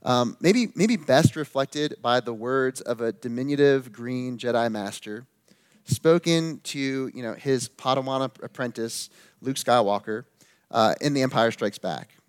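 With a smooth, medium-pitched voice, a man preaches in an earnest, emphatic style, easing his pace to underline key phrases of the sermon.

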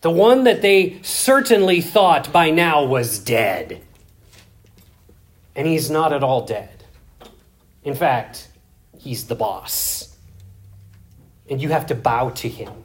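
Slow, dramatic male preacher. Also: fairly high pitch, very animated. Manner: dramatic, swings between loud emphasis and hushed asides. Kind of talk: sermon.

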